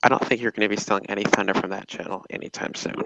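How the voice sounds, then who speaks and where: Deep-ish gravelly guy, dry mic, short jokey comments. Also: steady tone, rapid-fire, bright, forceful tone, no room sound, highs cut off. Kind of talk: casual live stream chat.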